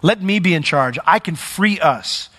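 A man's voice: fairly high pitch, lively intonation, unhurried, a bit bright, long reverb tail. A man voicing a scheming male demon, coaxing and sly, inside a sermon.

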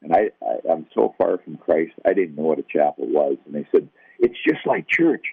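A man's voice: a bass voice, fairly quick, gravelly, slightly rough, dry recording. An older man telling a personal testimony in a conversational, self-deprecating way, acting out the voices in his story. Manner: conversational, self-deprecating, acts out quoted dialogue. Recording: tinny, phone-like, dry.

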